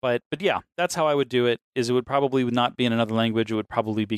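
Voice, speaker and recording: A man's voice: medium pitch, steady tone, very fast, few pauses, clean tone, no room sound, studio quality. A man co-hosting a casual chat, rambling and swearing freely, often laughing between points.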